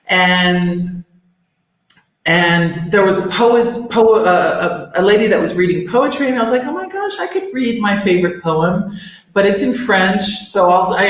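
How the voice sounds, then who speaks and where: Slow-talking woman co-host in echoey room. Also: lowish voice. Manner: rambling, many restarts and fillers. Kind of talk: casual chat.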